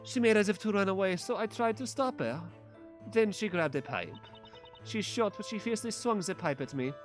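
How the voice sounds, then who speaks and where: A man's voice: high-pitched, expressive, normal speed, faint music behind, voice pushed up. A man putting on a hammy Italian cook lady. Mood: boastful. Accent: put-on Italian drifting toward German. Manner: hammy, exaggerated. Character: boastful female ship's cook. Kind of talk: reading game dialogue aloud.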